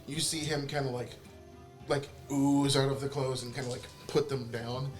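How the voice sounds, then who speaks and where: A man's voice: medium pitch, fairly even intonation, moderate pace, faint music behind. A man playing a tabletop game, describing his character's actions and laughing often. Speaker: player. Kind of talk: casual tabletop play.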